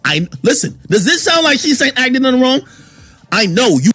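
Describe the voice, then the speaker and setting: Husky-voiced man ranting defensively. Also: very high-pitched, very animated, sharp tone, faint music behind. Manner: defensive, slangy, talks fast in bursts. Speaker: streamer telling his side. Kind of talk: casual livestream rant.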